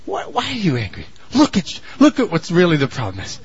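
A man preaching a sermon in a folksy storytelling way, dropping to low asides and then shouting for emphasis. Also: huge pitch swings, fairly quick, breathy edge, lo-fi sound.

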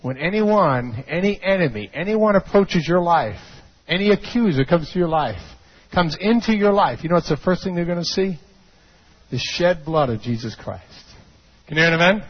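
A man preaching a sermon as pastor, swinging from hushed low passages to shouted peaks and calling out to the congregation for amens. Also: lively intonation, normal speed, husky. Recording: dull lo-fi recording.

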